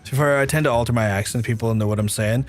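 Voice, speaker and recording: A man from Northern Ireland with a softened Belfast accent, chatting casually and teasing his chat while he streams a game, rambling and swearing as he goes. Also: mid-range voice, quick pace, soft background music.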